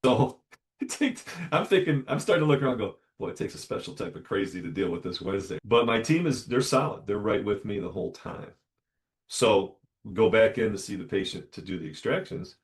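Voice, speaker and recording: Male dentist host, low-ish voice, animated solo storyteller who voices the people in his tale. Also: a little fast. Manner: animated, acts out dialogue in lively voices.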